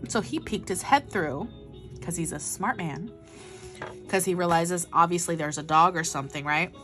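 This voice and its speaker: A woman vlogger telling a rambling, animated story in casual chat, full of asides. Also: lowish voice, normal speed, faint music behind. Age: adult with a child.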